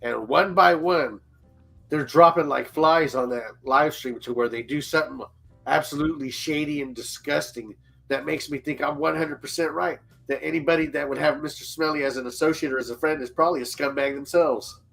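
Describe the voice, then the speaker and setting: A man's voice: a little high, steady tone, a little fast, creaky, a bit bright. A man in casual livestream chat, speaking bluntly and condemning people.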